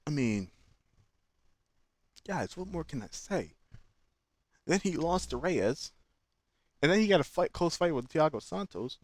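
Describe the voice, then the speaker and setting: A man hosting his own channel, giving opinionated, animated fan commentary in slangy casual speech. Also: a little high, measured pace, pauses often, no room sound, studio quality. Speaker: channel host.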